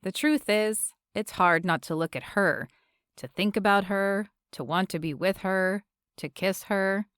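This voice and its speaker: A woman narrating a sweet romance audiobook in a measured, expressive way. Her voice sits mid-range, recorded close and dry with no room sound. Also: mid-range voice, clear, resonant tone, no room sound.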